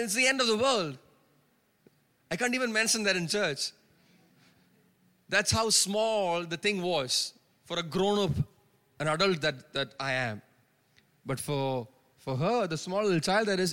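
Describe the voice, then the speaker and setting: A pastor with a high, sharp voice preaches a sermon in a church sanctuary, with the long reverb of a church hall on the recording. He's emphatic, repeating phrases and calling out "Amen?" for a response.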